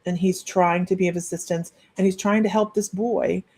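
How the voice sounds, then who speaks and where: A middle-aged woman giving a live-streamed psychic reading, chatty and rambling with many pauses and restarts. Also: fairly low pitch, fairly even intonation, darkish tone, husky. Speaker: psychic medium.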